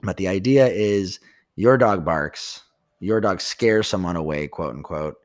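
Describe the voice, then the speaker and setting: A man who co-hosts a dog training podcast, explaining behavior in a casual, talkative way with many pauses and restarts. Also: low-pitched, dry recording, studio quality.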